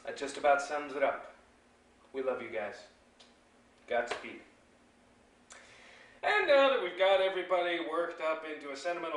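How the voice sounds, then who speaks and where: A young man hosts in a relaxed, halting way, his bright voice rising and falling a lot. He sits at a distance from the mic in an echoey room. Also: fairly high pitch. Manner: relaxed, hesitant, full of "uh" and "you know". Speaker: video host. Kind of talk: casual hosting.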